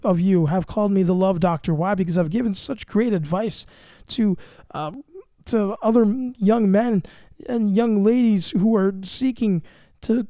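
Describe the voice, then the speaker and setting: A man's voice: sits high, mellow, no echo, clean studio sound. A man hosting a casual comedy podcast, bragging in a mock-grandiose, self-mocking way. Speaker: podcast host.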